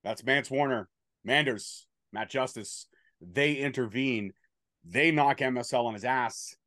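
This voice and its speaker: A man's voice: medium pitch, a little slow, pushed and bright, dry recording. Dry-sounding man giving a profane recap. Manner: profane, bantering play-by-play recap. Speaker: podcast host recapping wrestling. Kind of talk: casual chat.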